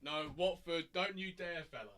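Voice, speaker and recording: A man's voice: a little high, normal speed, a bit bright. A man hosting a live watchalong stream, reading chat aloud and bantering with a jokey, laughing manner.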